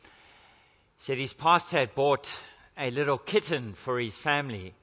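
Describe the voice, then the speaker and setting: A man's voice: mid-range voice, animated, measured pace, sharp tone, long reverb tail, dull audio. A man preaching a sermon, telling a story and then building to earnest emphasis.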